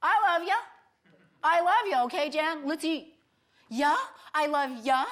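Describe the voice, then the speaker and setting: A woman's voice: high-pitched, unhurried. A woman voicing her offhand boyfriend, who clips his words and talks curtly. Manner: curt, offhand. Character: offhand grown man, curt boyfriend.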